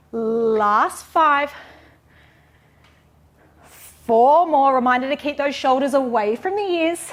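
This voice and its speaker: A young woman teaching a pilates class, counting reps aloud and cueing form encouragingly while out of breath. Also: high-pitched. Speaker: pilates instructor.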